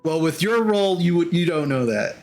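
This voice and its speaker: A man narrating as game master in a tabletop game, halting and repeating words as he goes. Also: a little high, animated, darkish tone, soft background music.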